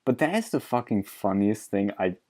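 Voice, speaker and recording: A man's voice: on the low side, lively intonation, moderate pace, dark tone. A man hosting a podcast, blunt and profane in casual political chat, laughing often. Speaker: podcast host.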